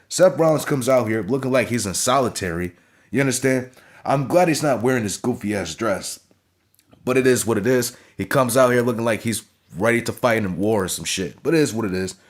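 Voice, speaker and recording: A man's voice: mid-range voice, lively intonation, brisk. A young man reviewing a wrestling show in a blunt, profane casual rant, often asking "you understand?".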